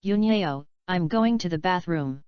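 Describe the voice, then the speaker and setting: A woman's voice: on the low side, lively intonation, unhurried, clean tone, no echo. A woman reading the lines of a caring, awkward young man in an audiobook, in her own plain voice. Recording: dull lo-fi dry recording.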